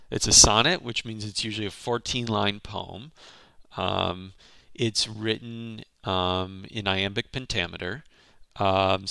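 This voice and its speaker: A man's voice: fairly low pitch, gravelly, bright, forceful tone, no echo. A man teaching a literature lesson, explaining a poem line by line in a thoughtful way, with frequent ums and restarts.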